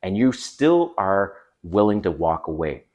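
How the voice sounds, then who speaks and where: Low-voiced man giving blunt dating advice. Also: big pitch swings, measured pace, a little mellow. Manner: direct, conversational, acts out quoted lines. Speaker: dating coach. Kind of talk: advice to camera.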